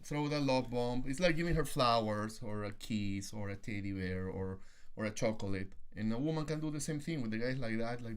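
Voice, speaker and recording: A young man with a mid-pitched voice co-hosts a casual talk about relationships. He speaks in a relaxed, rambling way, often repeating and restarting his words. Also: brisk, clear, resonant tone. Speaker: podcast co-host.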